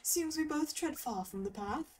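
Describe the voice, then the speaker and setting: A woman's voice: sits high, lively intonation, moderate pace, far from the mic, voice pushed up. A woman voicing a posh, courteous male explorer from a video game, reading his lines aloud during a game stream. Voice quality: posh British-style delivery. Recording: voice a bit off-mic over game music. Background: game music.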